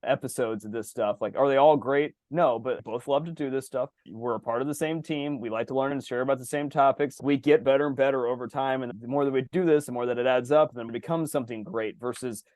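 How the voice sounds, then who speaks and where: A man co-hosting a podcast in casual chat over a video call. He gets animated, swears freely and acts out exaggerated reactions. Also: medium pitch, fast, hardly any pauses, no echo. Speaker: podcast co-host.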